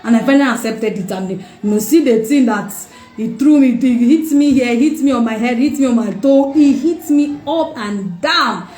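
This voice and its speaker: A woman's voice: a little high, normal speed, darkish tone, soft background music. Emotional woman giving a testimony. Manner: emotional, repeats phrases for emphasis. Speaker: mother sharing her testimony. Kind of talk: personal testimony talk. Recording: echoey room.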